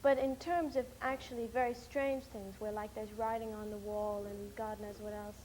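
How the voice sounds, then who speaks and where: A young woman from the United States being interviewed, telling stories in a rambling, animated way with many fillers. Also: medium pitch, moderate pace, slight background noise, rough recording. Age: young adult. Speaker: interviewee, documentary film-maker. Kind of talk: casual chat.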